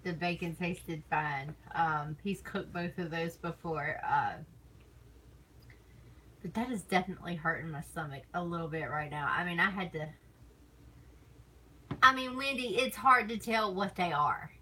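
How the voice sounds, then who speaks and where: A woman's voice: on the low side, measured pace, long pauses, sharp tone, a little hiss or hum, poor audio. A woman streamer chatting casually on stream, rambling and teasing, laughing often between thoughts. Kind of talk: casual chat.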